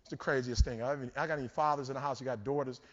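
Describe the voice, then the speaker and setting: A man giving a motivational keynote, telling stories and building to shouts. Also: medium pitch, steady tone, very fast. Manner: preachy, storytelling, rising to shouts. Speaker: keynote speaker. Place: large conference hall. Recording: dull hall recording with long reverb.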